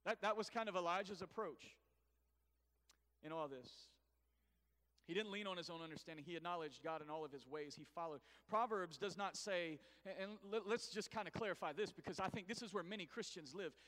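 A man's voice: high-pitched, fairly quick. A middle-aged man preaching a sermon, calling on the congregation to answer back. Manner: animated preaching with call-and-response to the congregation. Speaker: pastor. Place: church sanctuary. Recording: long reverb of a church hall.

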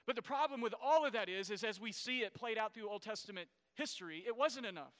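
Male pastor, high bright voice, smooth and clear, explains things to the congregation, church hall with long reverb. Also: animated, fast, few pauses. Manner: explanatory, asks the congregation questions. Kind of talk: sermon.

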